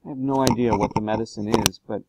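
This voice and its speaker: A man's voice: on the low side, fairly even intonation, quick pace, gravelly, heavy background noise. A man reading aloud, voicing a worried, loyal middle-aged butler in a storybook. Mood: urgent. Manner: urgent, pleading, raised voice.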